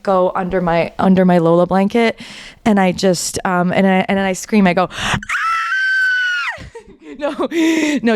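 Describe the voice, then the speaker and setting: A woman hosts a casual podcast with a smooth, clear, resonant voice at an ordinary middle pitch. She rambles and interrupts herself, wry and exasperated. The sound is close and dry, with no room around it. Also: no room sound. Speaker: podcast host. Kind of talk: casual chat to camera. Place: indoors, under a blanket.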